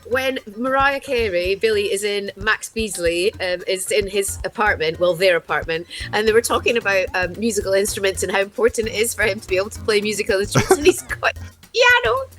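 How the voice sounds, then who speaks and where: A woman on a casual film review panel, telling her story in a giggly, excitable way. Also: mid-range voice, brisk, hardly any pauses, soft background music.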